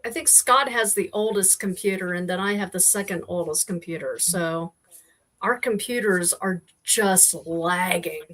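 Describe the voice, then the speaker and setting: A woman's voice: fairly low pitch, unhurried, fairly bright tone. Easygoing woman guest on a video call. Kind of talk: casual chat.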